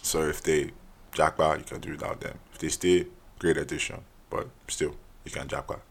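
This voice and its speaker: A young man talks alone on his podcast in a low, gravelly voice. His delivery is casual and earnest, and he keeps adding "man" while he trails off and starts sentences over. There is a slight huskiness to his tone. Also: little pitch movement, moderate pace. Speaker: podcast host. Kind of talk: solo podcast monologue.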